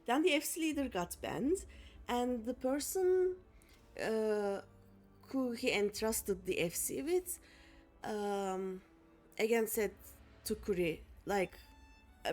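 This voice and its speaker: A young woman chats casually with her viewers while she plays, wandering from point to point with lots of fillers and restarts. Her voice sits a little high, and faint music runs quietly behind her. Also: expressive, takes it slowly, long pauses. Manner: chatty, rambling, many fillers and restarts. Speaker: streamer. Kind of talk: casual chat while playing a game.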